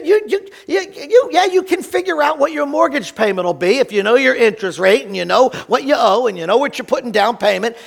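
Guy preaching, pretty high voice, gets loud then drops way down. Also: vocal fry. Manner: animated preaching, swings between emphatic and hushed. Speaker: pastor. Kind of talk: sermon.

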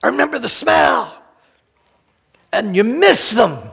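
A man in his sixties, a pastor preaching a sermon, impassioned, moving from quiet reflection to shouting. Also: high-pitched, wildly swooping pitch, slow pace, creaky, husky. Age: 60s. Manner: impassioned, swings from soft to shouting.

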